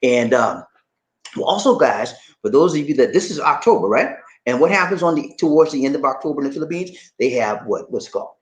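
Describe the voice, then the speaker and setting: An American man hosts his vlog in a casual, chatty way, his voice sitting a little high and swinging up and down in pitch. He laughs easily, stretches his words and keeps dropping "man" in between them. The room around him rings with echo. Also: a little fast. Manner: animated, laughing, drawling, repeats "man". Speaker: vlogger host reading viewer comments. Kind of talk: casual chat. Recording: echoey room.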